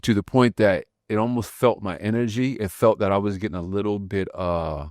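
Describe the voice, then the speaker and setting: A man hosting a podcast, telling a personal story in a loose, slangy, animated way and acting out the voices in it. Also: on the low side, brisk, dry recording, clean studio sound. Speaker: podcast host. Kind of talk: casual conversation.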